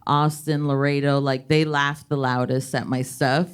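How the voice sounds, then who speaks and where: A woman's voice: extremely low pitch, little pitch movement, measured pace, smooth. A female comedian from San Antonio, talking frankly and playfully on a panel. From San Antonio, Texas. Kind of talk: panel discussion.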